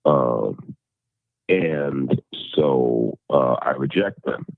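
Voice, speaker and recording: A man speaking as an interview guest in casual conversation, halting, with many repeated words and restarts. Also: extremely low pitch, creaky, darkish tone, no room sound, faint music behind. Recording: tinny phone-like remote call audio.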